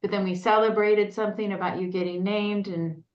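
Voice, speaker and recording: A woman's voice: medium pitch, steady tone, brisk, dull audio. Chatty woman chairing a meeting, echoey. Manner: chatty, self-deprecating, upbeat. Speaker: task force chair. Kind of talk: meeting opening remarks. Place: meeting room.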